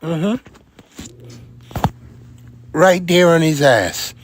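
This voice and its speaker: A man's voice: on the high side, drawn-out words. A man doing a put-on Jamaican accent, playing a brash grown man in a hammy comedy skit clip. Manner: mock accent, lively, hammy. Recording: faint noise, played-back video clip.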